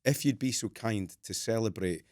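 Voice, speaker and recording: A man's voice: lowish voice, moderate pace, darkish tone, no echo, studio quality. A man hosting a football podcast, asking friendly questions with enthusiasm. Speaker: podcast host. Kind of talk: casual interview.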